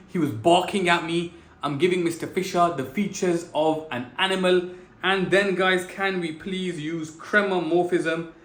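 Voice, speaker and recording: A man teaching an exam-prep English lesson, talking directly and calling his students "guys" as he slows down to stress key words. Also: a little high, reverberant. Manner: direct, repeats "guys" often, drawn-out emphasis on key words. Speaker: English tutor.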